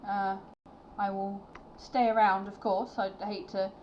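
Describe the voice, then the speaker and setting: A woman's voice: mid-range voice, flat delivery, takes it slowly, darkish tone, slight background noise, natural voice. A woman voicing a kindly, grandfatherly old male gnome toymaker who sounds polite and a little wary. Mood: genial. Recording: dull lo-fi recording.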